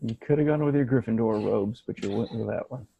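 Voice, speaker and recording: A man's voice: on the low side, quick pace, vocal fry, slightly rough, highs cut off. A man co-hosting a casual podcast, making wry, blunt remarks. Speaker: podcast co-host. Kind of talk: casual chat.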